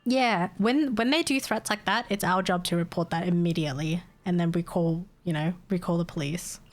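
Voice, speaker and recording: A woman's voice: on the low side, normal speed. A young woman, chatting casually on a live stream, venting in exasperation, laughing often and swearing.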